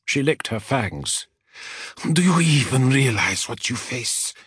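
Guy narrating a dark fantasy audiobook, lots of pitch swing, dead dry studio sound. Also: dry recording. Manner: dramatic, expressive reading.

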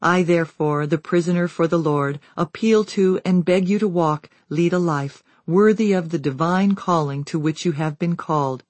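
A reader giving a measured, steady scripted narration of a devotional book, citing scripture verses along the way. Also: mid-range voice, no room sound. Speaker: audiobook reader.

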